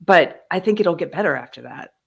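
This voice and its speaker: A woman's voice: lowish voice, expressive, a little fast, gravelly, breathy edge, muffled recording. A woman hosting a live show, chatting conversationally and thinking aloud. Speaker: host. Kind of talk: live show chat, reading viewer comments.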